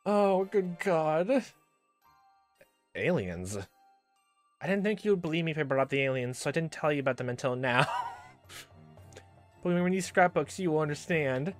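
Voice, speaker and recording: A man's voice: a little high, lively intonation, fairly quick, long pauses, faint music behind. A man giving casual let's play reaction commentary, exasperated and swearing, laughing often and trailing off into fillers.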